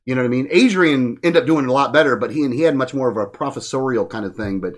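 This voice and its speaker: A man's voice: medium pitch, quick pace. Blunt profane man ranting on a podcast. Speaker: podcast host. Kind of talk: casual political podcast chat.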